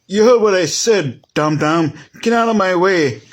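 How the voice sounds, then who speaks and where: A man voicing a brash, pushy male toy train that demands everyone get out of its way, in a gruff, lowered voice. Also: expressive, unhurried. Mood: impatient.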